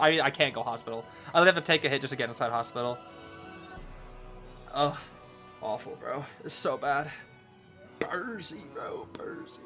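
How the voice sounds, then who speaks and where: A young male game streamer commentates live gameplay with excitable energy, sinking into low groans before erupting in sudden shouts.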